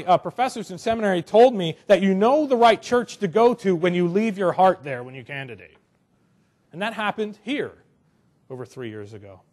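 Young pastor guy with a pretty high voice, chatty sermon, jokes around, gets animated. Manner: conversational, animated, joking asides.

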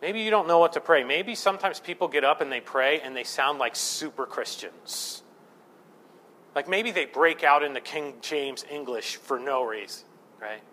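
Conversational pastor preaching with rising fervor. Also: male voice, on the high side, animated, moderate pace, sharp tone, a little hiss or hum. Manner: conversational, self-deprecating, building to fervent emphasis. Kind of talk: sermon.

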